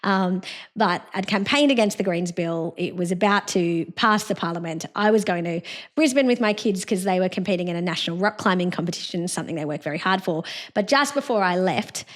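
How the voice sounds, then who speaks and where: A woman's voice: on the low side, a little fast. A woman hosting a podcast, giving an indignant, scornful solo commentary with derisive laughs. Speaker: podcast host.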